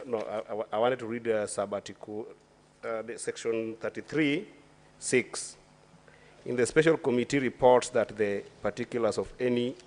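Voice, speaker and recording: A man with a Kenyan accent, a senator questioning a witness at a formal hearing, speaking deliberately with many fillers and restarts in a senate chamber. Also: lowish voice.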